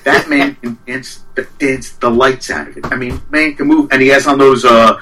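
A man's voice: medium pitch, fairly even intonation, normal speed, pushed and bright, far from the mic, low-quality recording. A man who is a guest on a talk show, giving a rambling, self-deprecating comedic rant.

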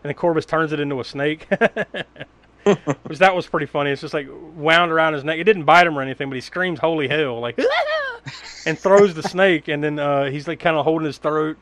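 A man's voice: on the high side, normal speed, a bit bright. A man recapping a movie in casual chat, rambling, laughing often and swearing freely. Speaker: podcast co-host.

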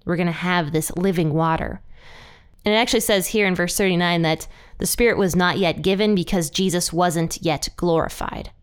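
Smooth-voiced woman teaching casually. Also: fairly low pitch, moderate pace. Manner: chatty, animated retelling. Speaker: podcast host. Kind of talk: casual Bible study teaching.

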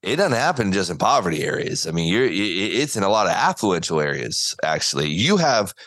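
Earnest low-voiced man telling a story. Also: fairly quick, no room sound. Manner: earnest, animated storytelling with acted quotes. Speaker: guest, former baseball pitcher. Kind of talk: conversational interview.

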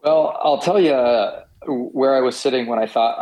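A middle-aged man, a company founder guesting on a podcast, telling his story hesitantly with many pauses. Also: medium pitch, dark tone, low-quality recording. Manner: hesitant, many fillers and restarts. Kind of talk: casual podcast interview.

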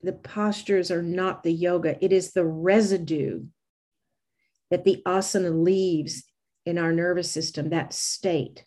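An older woman with a soft Southern American accent, talking in a measured, unhurried way. Her voice sits a little low for a woman, and she lays out each thought carefully, as a guest in a relaxed interview. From United States. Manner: measured, slow, thoughtful delivery. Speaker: yoga teacher, interview guest. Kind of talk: reflective conversational interview.

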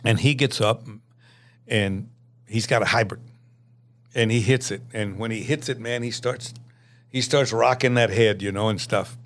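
A man in his eighties, a podcast guest telling stories in a lively way, laughing often and acting out the dialogue. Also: lowish voice, moderate pace, pauses often. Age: 80s. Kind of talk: anecdotal storytelling.

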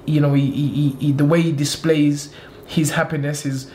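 A man, a boxing trainer and manager talking in a casual interview, animated and quick to laugh, repeating himself for emphasis. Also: fairly high pitch, slight background noise. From England.

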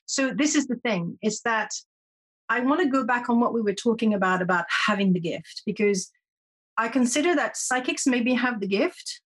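A French-speaking woman who teaches intuition appears as a guest on a podcast, explaining her ideas earnestly in a conversational interview. Her voice is on the high side, animated, and breathy at the edges, with a moderate pace and frequent restarts.

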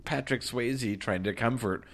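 A woman's voice: extremely low pitch, a little slow. A woman co-hosting a podcast, chatting about a movie and tossing in dry wisecracks. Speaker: podcast co-host. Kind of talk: casual movie chat.

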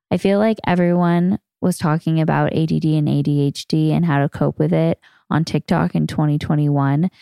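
A woman hosting a podcast, talking casually and earnestly with a hoarse, raspy voice. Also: deep voice, dark tone, dry recording, clean studio sound. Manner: earnest, chatty. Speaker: podcast host.

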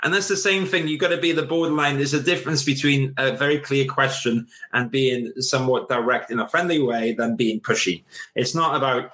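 A young man co-hosting a casual chat show, giving career advice and acting out little scenes in a raised voice. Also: normal speed. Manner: animated, acts out little scenes in a higher voice.

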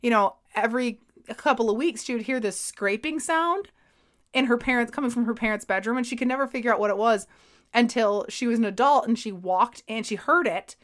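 A woman co-hosting a podcast in a casual chat, telling a story with lively emphasis and laughter. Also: fairly high pitch, a little fast. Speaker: podcast co-host.

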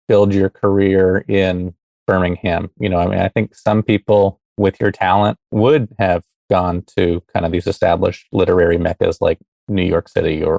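A man interviewing a guest, asking measured, slightly halting questions. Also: sits low, vocal fry, dark tone, no room sound.

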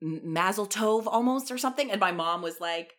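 A woman hosting a podcast in casual chat, bubbly and expressive. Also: on the low side, quick pace. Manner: bubbly, expressive, laughs often. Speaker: podcast host.

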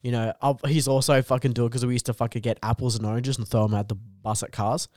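Talking fast in a mid-range voice with no room sound, a young Australian comedian shares a rambling story on a podcast. He swears, keeps saying "dude," and laughs as he goes, staying animated throughout.

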